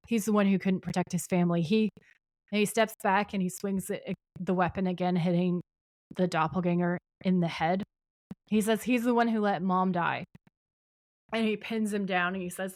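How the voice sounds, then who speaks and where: Female podcast co-host, lower register, dry close sound, long scene-by-scene recaps. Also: no echo. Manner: retells scenes at length, reading out dialogue. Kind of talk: casual chat, recapping a TV episode.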